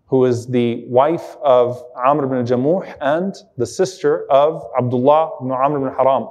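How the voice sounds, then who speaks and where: A man's voice: mid-range voice, a little mellow. Earnest male Islamic lecturer. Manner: earnest, emotional retelling with Arabic quotations. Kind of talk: sermon-style storytelling lecture.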